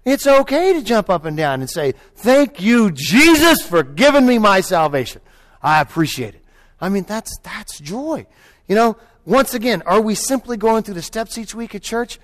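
A male pastor with a slightly high voice preaches conversationally, frequently restarting sentences and saying "you know." He swings between loud, cheering bursts and quiet, reflective stretches.

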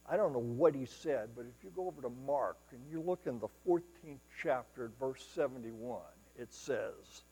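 A male preacher delivering a sermon, retelling scripture as dramatic storytelling, rising to loud exclamations and dropping to hushed asides. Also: medium pitch, normal speed, hardly any pauses, slightly rough, long reverb tail, rough recording.

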